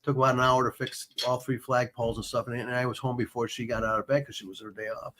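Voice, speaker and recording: A man, mid-pitched, recounting a story in casual chat. He acts out the voices of the people he quotes with animated delivery. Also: quick pace, a little hiss or hum.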